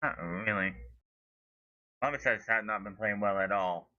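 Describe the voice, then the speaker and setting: A man calling a live match as a fan in a watch-along, his voice sharply bright and cutting. He swears freely and his pitch leaps up whenever play goes against his side. The audio is dull and lo-fi. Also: moderate pace, no echo. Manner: heated, profane ranting with sudden high-pitched outbursts.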